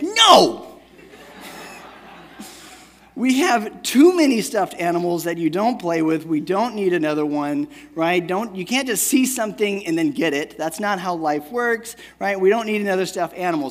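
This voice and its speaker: A man in his thirties preaching a sermon in a casual, conversational way, often checking in with "right?" and telling a family story. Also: high-pitched. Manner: conversational, keeps asking "right?". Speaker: pastor. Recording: long hall reverb.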